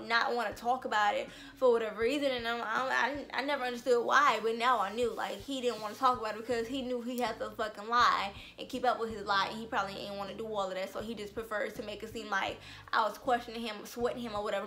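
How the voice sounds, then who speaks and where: A young woman telling a storytime vlog, animated and blunt, swearing freely. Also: on the high side, fast. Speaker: vlogger.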